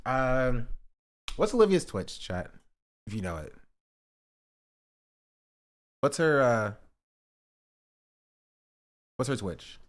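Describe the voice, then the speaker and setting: A man's voice: medium pitch, very animated, slow, pauses often. A man from North Carolina, streaming and reacting to clips while joking with his chat. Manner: joking, talks back to chat. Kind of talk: casual live-stream reaction commentary.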